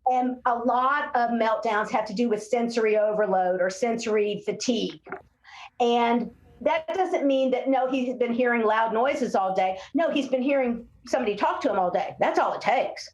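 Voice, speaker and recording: A woman with a fairly high voice tells stories in a relaxed interview, slipping into the voices of children and parents she quotes. The room around her is echoey. She talks as a speech-language pathologist explaining things to a host. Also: normal speed, slight background noise. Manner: animated storyteller, acts out quotes of kids and parents. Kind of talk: casual interview conversation.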